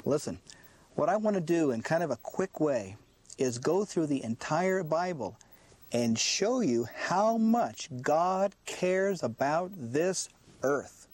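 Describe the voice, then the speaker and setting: A man delivers a sermon in an animated, emphatic way, his fairly high voice rising and falling widely. He keeps asking questions and answering them himself. The sound is close and dry. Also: measured pace, no echo. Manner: emphatic, repeats "listen" to drive points home. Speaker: preacher.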